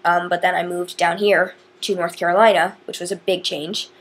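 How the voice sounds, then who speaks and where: Chatty teenage girl, husky low voice. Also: flat delivery, normal speed. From northern Indiana. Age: teens. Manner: rambling, chatty, many fillers. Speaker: vlogger. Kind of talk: casual chat to camera.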